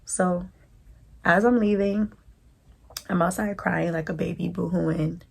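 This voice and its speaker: New woman doing a storytime vlog, low husky voice, lots of slang. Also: darkish tone. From New York. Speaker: vlogger.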